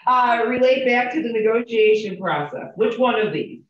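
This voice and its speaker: Speaking at a normal pace with an expressive, somewhat high voice, a woman trains real estate agents in a chatty, candid way, sharing stories and quizzing the class. She's in a training room with a group, and the recording sounds roomy, distant and dull, like a typical classroom capture.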